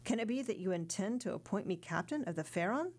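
A woman's voice: mid-range voice, expressive, fast. A woman reading the part of an earnest young male sailor in an audiobook, respectful and sincere.

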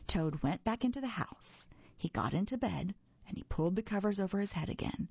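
A woman reading a children's story aloud for a reading service, in a gentle, clear storytelling manner. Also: medium pitch, animated, a little fast, no room sound, dull audio. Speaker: audio reader for a reading service.

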